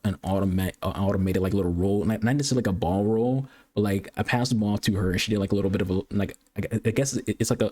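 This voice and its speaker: A man streaming a soccer video game, trash-talking opponents and rambling through casual commentary with fillers and restarts. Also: lowish voice. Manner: trash-talking, taunting, swearing. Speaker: gaming streamer. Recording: loud game music behind the voice.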